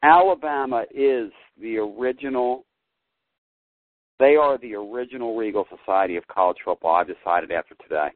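Fired-up sports talk host on a tinny line. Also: male voice, medium pitch, moderate pace. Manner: fired-up, ranting, swings between muttering and loud. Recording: tinny phone-line sound, dry.

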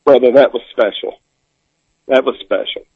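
A man's voice: medium pitch, fairly even intonation, moderate pace, husky, no echo. A Southern man calling in to a sports radio show on the phone, heartfelt and emotional. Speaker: caller. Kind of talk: phone-in chat. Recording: tinny phone line.

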